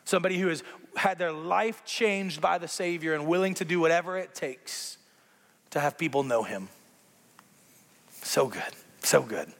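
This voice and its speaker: A man preaching a sermon as pastor, conversational and animated, with playful asides to the congregation. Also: fairly high pitch, moderate pace, in a large hall.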